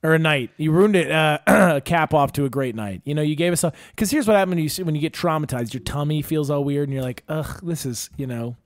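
Young man, fairly high voice, dry close sound, swearing storyteller, rambling casual podcast chat. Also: fairly quick, few pauses, dry recording. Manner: profane storyteller, animated and rambling. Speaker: podcast host and stand-up comedian.

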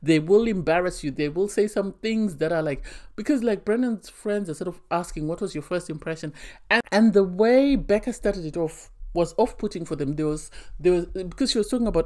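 A woman's voice: low-pitched, a little fast, a little mellow. A woman giving a casual, chatty review of a reality TV episode, opinionated and fond of repeating phrases for emphasis.

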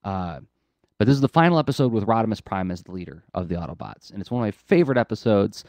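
A man with a lowish, darkish voice talks fast and animatedly while co-hosting an art podcast, recorded dry on a close podcast mic. He explains things casually and enthusiastically, rambling with lots of fillers and restarts.

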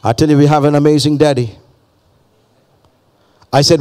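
A man's voice: fairly high pitch, steady tone, normal speed, a little mellow. A male pastor preaching a fervent sermon, repeating phrases and calling on the congregation to respond.

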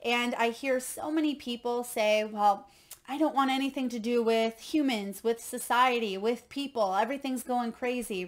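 Gentle spiritual coach woman, slightly high. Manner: gentle, encouraging, tells parables. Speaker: intuitive coach reading oracle cards. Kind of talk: spiritual card reading.

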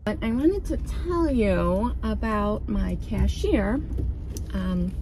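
Chatty upbeat mom vlogging, noisy background. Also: female voice, mid-range voice, expressive, takes it slowly. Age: 40s. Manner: chatty and upbeat, lists items out loud. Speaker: vlogger mother of a large family. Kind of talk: casual shopping vlog chat.

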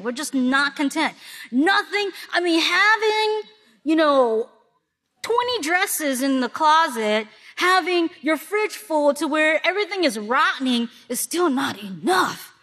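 A woman from the Upper Midwest preaching to a congregation, her voice sitting on the higher side. She speaks in a lively storytelling manner and breaks into little acted-out asides. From Milwaukee, Wisconsin. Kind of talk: sermon.

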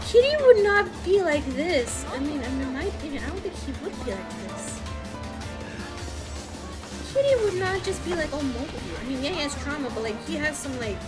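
A young woman streamer giving casual, expressive gameplay commentary, swearing and ranting at the story. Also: sits high, normal speed. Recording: game music behind. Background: game music.

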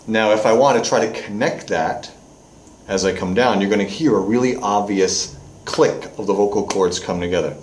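A man's voice: lowish voice, moderate pace, echoey room. A male vocal coach explaining singing technique step by step, with short sung demonstrations.

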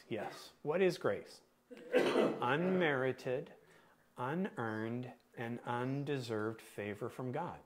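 A man preaching a sermon as pastor, asking the congregation questions and pausing to stress words. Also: mid-range voice. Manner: asks the congregation questions, deliberate emphatic pauses.

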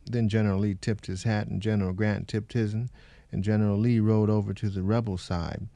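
Male reader, lowish warm voice, measured dialect telling, dry booth sound. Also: level tone, vocal fry, no room sound. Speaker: reader of a former slave's account. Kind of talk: dramatic first-person reading.

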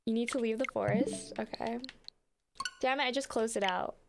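High-voiced woman streamer, animated storyteller. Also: moderate pace, creaky, noisy background. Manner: animated storytelling, lots of fillers, swears casually. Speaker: game streamer. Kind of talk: casual chat while playing a game live.

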